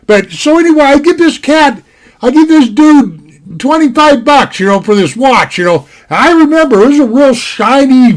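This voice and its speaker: An older man from Montana with a high-pitched voice spins a casual story at his desk. He rambles in a folksy way and keeps dropping "you know" asides. It sounds like a desktop mic in a home setting. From Montana, USA. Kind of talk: casual spoken anecdote.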